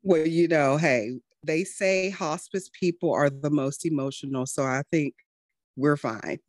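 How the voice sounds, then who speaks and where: A woman's voice: sits low, a little slow, no echo. A middle-aged woman doctor hosting a healthcare podcast, chatty and encouraging. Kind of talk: podcast chat and scripted intro.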